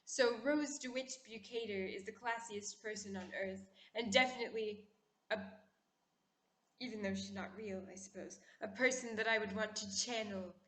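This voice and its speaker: A woman's voice: medium pitch, moderate pace. Opinionated woman vlogger, classy put-on voice. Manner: putting on a poised, classy-sounding voice; opinionated and animated. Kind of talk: casual chatty commentary. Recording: echoey room.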